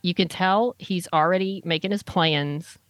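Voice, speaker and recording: A chatty woman with a lower voice talks through an episode in a loose, rambling way. She restarts her sentences often. The sound is close and dry, with no room around it. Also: measured pace, a bit bright, dry recording. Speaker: podcast host recapping a TV episode. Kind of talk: casual chat.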